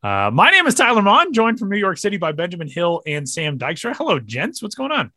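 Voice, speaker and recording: A man's voice: high-pitched, fairly quick, no echo. A young adult man hosting a podcast in casual chat, joking and laughing often. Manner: jokey, animated, laughs often. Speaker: podcast host. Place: home studio in Denver.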